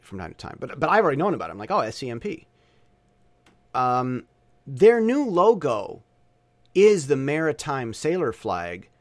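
Animated man vlogging in a dry room. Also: medium pitch, no echo. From Southern Taiwan. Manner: animated, opinionated, stop-and-start rambling. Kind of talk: casual vlog monologue.

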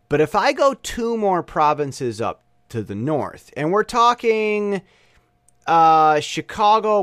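A man's voice: fairly high pitch, fairly bright tone, dry recording. A man, talking in a rambling, opinionated monologue full of restarts. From United States. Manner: rambling, self-correcting, opinionated. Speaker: language learner abroad. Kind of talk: casual monologue.

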